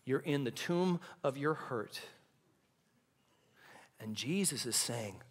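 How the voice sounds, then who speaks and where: A pastor preaching a sermon in a church, building to impassioned peaks and dropping to hushed, quiet lines. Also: male voice, medium pitch, lively intonation, takes it slowly, long pauses, slightly rough. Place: church sanctuary.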